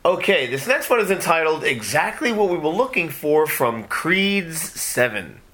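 A man's voice: fairly high pitch, very animated, measured pace, a bit bright. A man hosting a kids' podcast, playful and patient as he reads listener emails. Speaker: podcast host.

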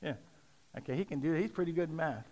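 A middle-aged man preaching a sermon, leading call-and-response and rising to shouts. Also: on the high side, fast talker. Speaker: pastor.

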